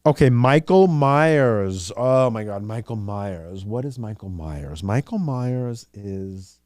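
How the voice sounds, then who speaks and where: A man hosting a podcast in casual chat, rambling and animated, swearing freely and filling his speech with "like" and "you know". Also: lowish voice, slow pace, dry recording, clean studio sound. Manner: rambling, animated, profane, full of fillers. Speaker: podcast host.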